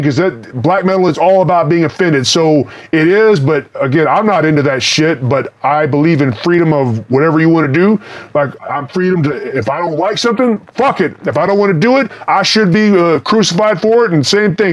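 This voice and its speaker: A man with a mild Texas accent, speaking through a voice changer, answers viewer questions in blunt, profane, rambling casual chat. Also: fairly high pitch.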